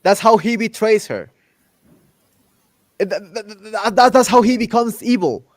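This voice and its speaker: A man hosting a casual chat, ranting in an animated way and acting out characters' lines with exaggerated voices. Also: high-pitched, moderate pace, no echo. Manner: loose, repetitive restarts while ranting. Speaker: podcast host.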